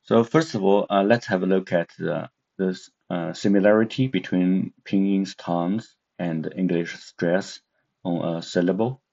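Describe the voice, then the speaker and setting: A man gives a slow, careful language lesson, often pausing on filler sounds. His voice is low and mellow. The recording is dull and lo-fi. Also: steady tone, gravelly. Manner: hesitant, many filler sounds. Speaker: Chinese language teacher.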